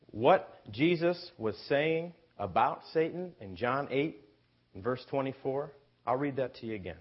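Slow, emphatic male preacher. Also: mid-range voice. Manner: slow, emphatic, asks the congregation rhetorical questions. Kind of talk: sermon. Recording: dull lo-fi recording.

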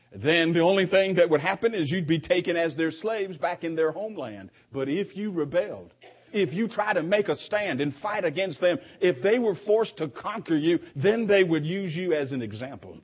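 A man preaching a sermon, reading scripture aloud and explaining it with frequent halting restarts. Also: a little high, husky. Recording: dull lo-fi recording.

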